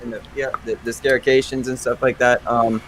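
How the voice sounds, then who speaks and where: A man's voice: mid-range voice, flat delivery, brisk, very noisy. A man hosting a podcast over a video call, chatting casually, chuckling often and apologizing easily. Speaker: podcast host.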